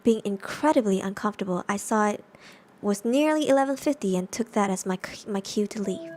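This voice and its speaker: A young woman streamer narrating horror stories in a soft, hushed semi-ASMR style, with giggly asides. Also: medium pitch, a little fast, slight background noise.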